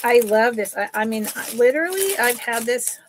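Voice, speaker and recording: A middle-aged woman chatting casually while selling jewelry on a live sale, telling stories in an animated way. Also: fairly high pitch, normal speed, slight background noise.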